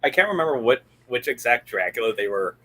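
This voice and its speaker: A man's voice: mid-range voice, fast talker. A man who is a guest filmmaker, chatting about a movie, giggling and acting out scenes. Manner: animated, giggly, acts out scenes. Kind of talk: casual movie review chat.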